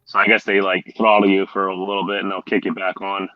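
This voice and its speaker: Low-voiced man trucker on a dull, dry call. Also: monotone, fast, no room sound. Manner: loose and joking, swears casually. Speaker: fellow trucker calling in. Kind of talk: casual chat over a call.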